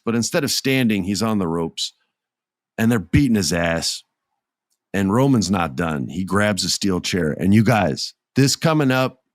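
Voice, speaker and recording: Lowish-voiced man telling an excited recap. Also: no echo, clean studio sound. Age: adult with children. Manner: animated storyteller who acts out quotes. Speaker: podcast host. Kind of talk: casual wrestling recap.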